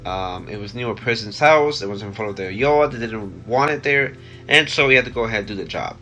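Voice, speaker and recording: A man's voice: lowish voice, animated, a little fast, bright, forceful tone. A young man with a stuffy nose from a cold, rambling casually with many fillers and restarts. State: congested from a cold. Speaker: vlogger.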